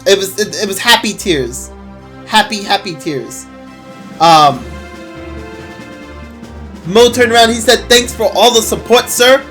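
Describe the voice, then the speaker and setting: Excitable male streamer, high bright voice, gushing chat, faint music bed. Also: a little slow, long pauses. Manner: gushing, excitable, laughs often. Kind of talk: casual gameplay stream chat. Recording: faint game music behind.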